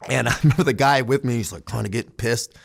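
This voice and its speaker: Man, 30s, gravelly, swears freely, laughs through his war stories, casual interview guest. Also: medium pitch, quick pace. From San Diego, United States. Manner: profane, candid, laughs while telling. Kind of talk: casual storytelling.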